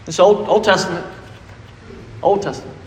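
Emphatic high-voiced preacher. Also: male voice, fairly even intonation, normal speed. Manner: preachy and emphatic, asks the congregation questions. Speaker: pastor. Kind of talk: sermon. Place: church sanctuary. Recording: echoey reverberant church hall.

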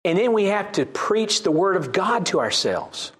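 A man's voice: sits high, big pitch swings, moderate pace, fairly bright tone. A man with a Southern US accent preaching a sermon, reading scripture aloud and repeating key lines for emphasis.

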